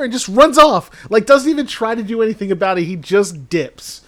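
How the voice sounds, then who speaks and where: A man's voice: sits high, normal speed, a bit bright. A man co-hosting a comedy podcast, casually retelling a movie plot in a rambling way and laughing as he goes. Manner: rambling, laughs through his own storytelling. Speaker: podcast co-host.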